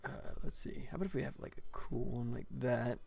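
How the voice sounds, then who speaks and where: While building levels on a livestream, this game developer chats casually, laughs a lot and talks through his thinking. His medium-pitched voice is steady, creaky and a little mellow, and he speaks briskly. Faint music plays in the background.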